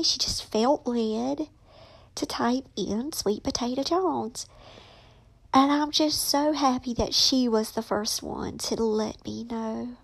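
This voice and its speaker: A woman's voice: a little high, vocal fry. Emotional woman author, whispering at times. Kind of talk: casual personal vlog.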